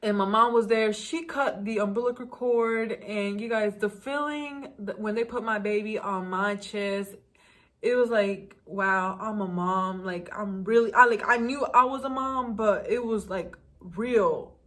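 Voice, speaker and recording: A young woman vlogger telling a personal story in a candid, animated way. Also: on the high side, measured pace. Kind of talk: story time vlog.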